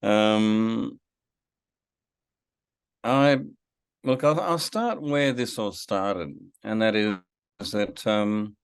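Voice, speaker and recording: A man's voice: lowish voice, drawn-out words, pauses often, clean tone, no room sound. A middle-aged man, a filmmaker guest in a podcast interview, telling a story reflectively with many fillers and restarts. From Australia.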